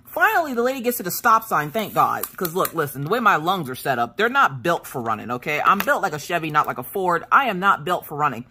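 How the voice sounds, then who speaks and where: A woman's voice: fairly low pitch, quick pace, few pauses, a little hiss or hum. A woman vlogging about her crafts in casual chat, telling stories with lots of laughter and acting out what people said. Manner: animated storyteller, laughs often, acts out dialogue.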